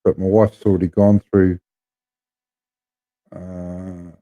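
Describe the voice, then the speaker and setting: A man's voice: sits low, flat delivery, slow pace, highs cut off. A man with a New Zealand accent chatting casually to viewers, rambling and blunt as he talks about his gear. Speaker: live streamer.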